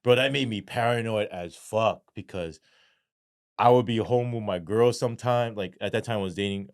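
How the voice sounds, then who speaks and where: A man's voice: lowish voice, moderate pace, dry recording, clean studio sound. A middle-aged man, a former police sergeant, telling his story as an interview guest, swearing often and acting out the dialogue. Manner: profane, animated, acts out quoted dialogue.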